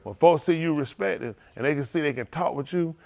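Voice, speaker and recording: A man, a preacher telling loose, animated stories to his congregation, laughing often and repeating himself as he goes. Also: a little high, fairly quick, creaky. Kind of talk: loose storytelling sermon.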